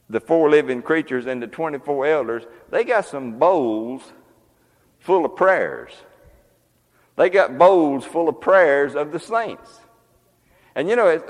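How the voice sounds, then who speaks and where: A man preaching a sermon to a congregation, folksy and conversational, often asking them questions. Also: mid-range voice. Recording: long reverb of a hall.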